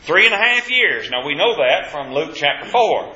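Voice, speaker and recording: A man's voice: on the high side, big pitch swings, normal speed, sharp tone. A man teaching a Bible class, asking questions of the group and stressing key points with emphasis. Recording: echoey, dull room recording.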